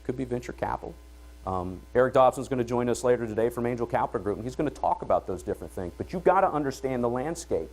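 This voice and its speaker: A middle-aged man hosting a conference, speaking to an audience in an energetic, conversational way and often checking in with "all right?". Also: mid-range voice. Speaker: event host and entrepreneur. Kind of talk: conference opening talk. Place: conference hall before an audience.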